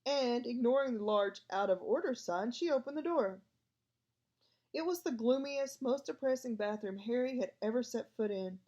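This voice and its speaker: A woman's voice: a little high, normal speed, a little mellow, highs cut off. A woman narrating a storybook aloud and voicing every part herself. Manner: reads all parts herself. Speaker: audiobook reader.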